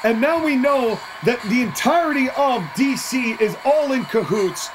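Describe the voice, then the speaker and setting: Excitable wrestling commentator over background noise. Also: sits high, moderate pace. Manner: excitable, laughs often, openly partisan.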